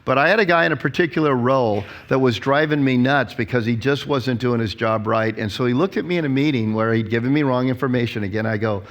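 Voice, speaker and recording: An older pastor in his sixties giving a conference talk. He tells stories in an animated, lively way and acts out what people said. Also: mid-range voice, fast talker, hardly any pauses. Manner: storytelling, animated, acts out quotes.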